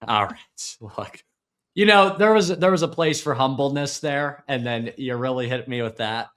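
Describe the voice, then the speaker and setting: A man's voice: mid-range voice, normal speed, fairly bright tone. A man hosting an interview, chatting casually with joking, sarcastic asides. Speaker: podcast host.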